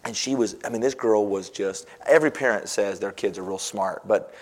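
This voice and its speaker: A man preaching a sermon, telling homey stories and swinging from soft, low asides to loud, exclaiming passages. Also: moderate pace. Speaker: pastor.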